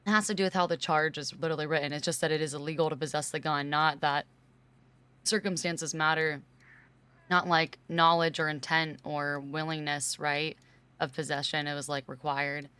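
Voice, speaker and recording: Speaking at normal speed, this young California streamer has a low, steady voice that sounds pushed, bright, clear and resonant. She rambles casually with her viewers, leans heavily on "like," and grows emphatic whenever she argues.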